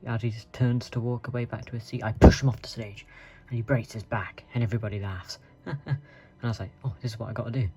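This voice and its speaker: Male host, mellow voice, deadpan mock-bragging storyteller, lo-fi sound. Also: on the low side, gravelly. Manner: mock-boastful, deadpan absurd. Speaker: channel host. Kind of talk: comedic storytelling. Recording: dull lo-fi with faint music.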